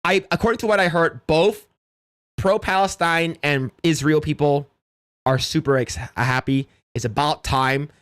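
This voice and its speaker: A man hosting a casual livestream, reacting with loud exclamations and low mutters. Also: measured pace, clean tone. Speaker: streamer and podcast host.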